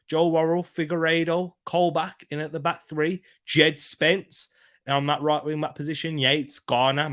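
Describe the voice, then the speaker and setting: Bantering young football streamer. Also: male voice, on the high side, fairly bright tone. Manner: bantering, laughs often, reads chat comments aloud. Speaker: football watchalong host. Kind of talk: casual live-stream chat.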